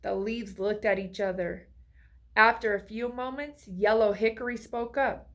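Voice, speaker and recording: A woman's voice: mid-range voice, a little slow. A woman reading a children's picture book aloud, asking the listener friendly questions along the way. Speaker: storybook reader.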